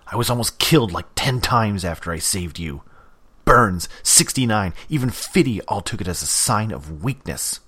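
A man's voice: on the low side, animated, normal speed, bright, forceful tone, breathy edge, pitched above the performer's own voice, exaggerated voice. A man voicing a cocky, irritated young man in an audiobook.

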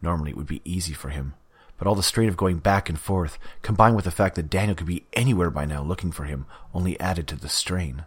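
A man narrating an audiobook in a steady, even reading. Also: low-pitched, fast talker, breathy edge.

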